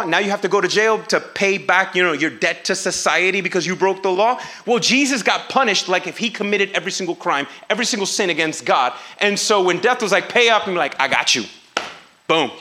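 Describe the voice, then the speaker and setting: Bright-voiced animated male preacher. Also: high voice. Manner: animated, acts out quoted voices, casual slang. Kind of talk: sermon.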